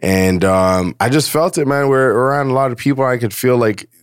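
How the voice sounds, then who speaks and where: A man's voice: medium pitch, normal speed, smooth, no room sound, clean studio sound. A man hosting a casual podcast chat, laid-back and rambling, full of slang and restarts. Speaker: podcast host.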